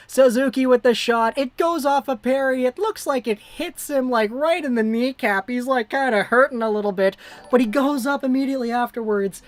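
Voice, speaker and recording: A woman hosting a fan livestream, giving live play-by-play that swings between hushed worry and excited shouting. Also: a little high, fairly quick, dry recording. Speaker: livestream host.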